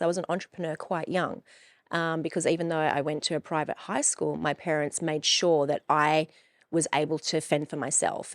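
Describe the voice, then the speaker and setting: A woman's voice: low-pitched, creaky, dry recording. A woman in her forties, telling her own story in a frank, emphatic way that is full of swearing. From Australia. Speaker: coach and podcast host. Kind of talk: personal storytelling.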